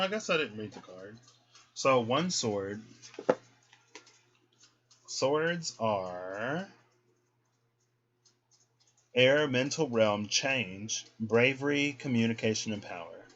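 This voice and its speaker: A man's voice: on the low side, a bit bright, lo-fi sound. Folksy man reading tarot. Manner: chatty, folksy, talks to viewers as y'all. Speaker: tarot reader. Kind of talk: casual tarot reading vlog.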